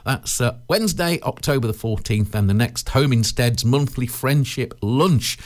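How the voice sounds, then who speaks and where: A man's voice: medium pitch, moderate pace. A man in his twenties presenting local radio in a chatty, jokey, self-mocking way. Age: 20s.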